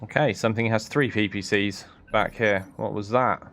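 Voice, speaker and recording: A man's voice: on the low side, steady tone, moderate pace, gravelly, fairly bright tone. A man casually commentating on his gameplay, thinking aloud and often chuckling. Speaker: streamer.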